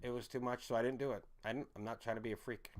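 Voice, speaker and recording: A man's voice: mid-range voice, steady tone, rapid-fire. A young man streamer chatting casually, rambling, repeating himself and often apologizing.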